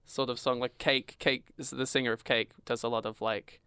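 Young man, smooth dry voice. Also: medium pitch, little pitch movement, normal speed, pushed and bright, no room sound. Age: young adult. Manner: rambling, filler-heavy, joking. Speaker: podcast co-host. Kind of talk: casual podcast chat.

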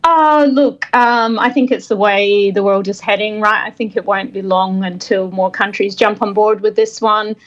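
A woman's voice: mid-range voice, steady tone, normal speed, few pauses. A woman from Scotland with an accent mixed with Australian, a podcast guest speaking from her kitchen with easygoing, dry humour. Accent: Scottish mixed with Australian. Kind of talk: casual podcast chat. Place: home kitchen. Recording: dull, echoey kitchen line.

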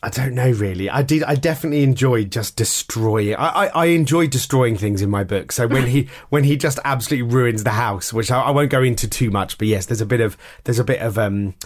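A man's voice: medium pitch, a little fast, hardly any pauses. An English man, a children's author, chatting in an interview, laughing often and restarting sentences. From England. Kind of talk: casual interview chat.

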